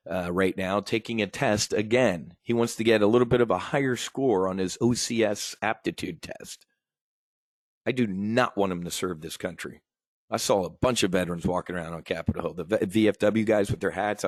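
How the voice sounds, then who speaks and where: A man's voice: lowish voice, dry recording. A man hosting a show, ranting bluntly and profanely about politics in casual talk, often calling his listeners folks. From United States. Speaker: podcast host.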